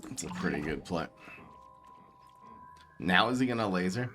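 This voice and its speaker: A man with a light New York-tinged East Coast accent, streaming a card game and thinking aloud in excitable, laughing commentary. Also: low voice, normal speed, music in the background.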